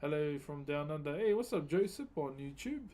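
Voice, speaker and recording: A man's voice: a little high, animated, moderate pace, dark tone. Laid-back Kiwi man chatting on stream. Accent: New Zealand. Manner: laid-back, slangy, greets viewers by name. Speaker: livestreaming wood carver. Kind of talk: casual live-stream chat.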